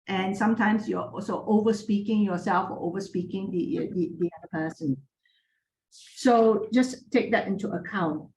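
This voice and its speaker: A woman judging a moot court, giving frank but encouraging feedback to students in a clear, projecting voice, with many fillers and restarts. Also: medium pitch, echoey room, poor audio.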